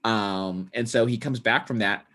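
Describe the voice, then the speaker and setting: A man's voice: fairly low pitch, unhurried, bright, forceful tone. A man co-hosting a podcast, recapping a movie in rambling, profane casual chat full of fillers and restarts. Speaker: podcast co-host.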